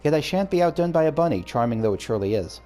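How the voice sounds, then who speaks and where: A man's voice: a little high, animated, very fast, mellow, faint music behind, voice pushed up, lightly acted. A man reading as a courteous old-world scholar. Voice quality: formal, courteous. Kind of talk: reading game dialogue aloud.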